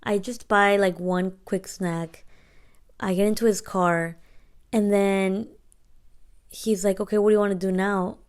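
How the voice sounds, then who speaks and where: A woman's voice: mid-range voice, steady tone, measured pace, long pauses, a little mellow, clean tone. Slangy young woman telling a story. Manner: slangy, playfully re-enacts dialogue. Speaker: podcast co-host. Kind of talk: casual storytelling.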